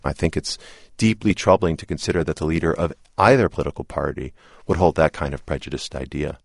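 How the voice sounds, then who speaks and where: A man answering interview questions in an earnest, deliberate way. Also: extremely low pitch, gravelly, dry recording, studio quality. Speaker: interview guest.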